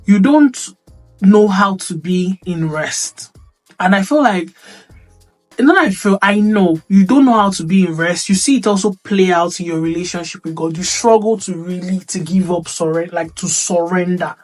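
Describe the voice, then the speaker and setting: A woman's voice: lowish voice, normal speed, faint music behind. A woman giving an earnest motivational talk. She repeats her points and keeps checking that the listener understands. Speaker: speaker on womanhood.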